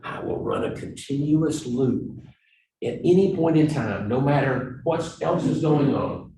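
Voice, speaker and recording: A man giving a storytelling presentation on negotiation, swinging between loud emphasis and quiet asides. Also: medium pitch, lively intonation, a little slow, creaky, a little hiss or hum. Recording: echoey room, distant mic.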